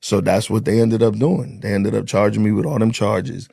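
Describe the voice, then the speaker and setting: A man with a low, heavily gravelly voice tells his story in a blunt, casual way. He swears freely and acts out what people said to him. His voice is husky, and the sound is dry and close. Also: fairly even intonation, moderate pace, warm tone, no room sound. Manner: blunt, profane, acts out dialogue. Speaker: interview guest, former corrections officer.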